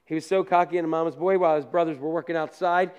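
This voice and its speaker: A man with a high, light voice preaches like he is telling a story to friends. He mixes plainspoken asides into the sermon and swings between loud bursts and quiet remarks. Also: fairly even intonation, quick pace, clear, resonant tone, dull audio. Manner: conversational storytelling with down-to-earth asides. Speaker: pastor.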